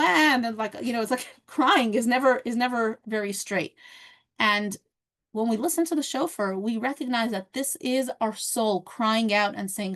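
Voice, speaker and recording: A woman's voice: on the high side, normal speed, fairly bright tone. A woman teaching a casual class, telling a parable in a conversational way with many fillers and restarts. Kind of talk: casual lesson storytelling.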